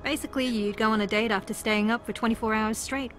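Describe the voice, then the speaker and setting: An actress voicing a wry, sarcastic female reality-TV contestant from New Zealand in a mystery video game, with a dry, teasing, deadpan delivery. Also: on the high side, fast, soft background music, close to an everyday voice.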